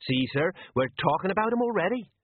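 A slow, self-satisfied sergeant who says sir at every turn, as a man puts him on. He sounds husky and unhurried. The sound is dry and tinny, like a phone call. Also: high-pitched, sing-song, no echo, pitched above the performer's own voice, exaggerated voice. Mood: plodding.

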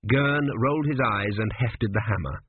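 A man's voice: medium pitch, moderate pace, a little hiss or hum. A man narrating an audiobook in a dry, wry storytelling manner, on a tinny, phone-like recording.

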